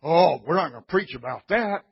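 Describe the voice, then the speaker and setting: A man preaching a sermon in a blunt, scolding way, swinging from quiet teaching to shouts. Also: on the high side, lively intonation, a little fast, vocal fry, breathy edge, highs cut off.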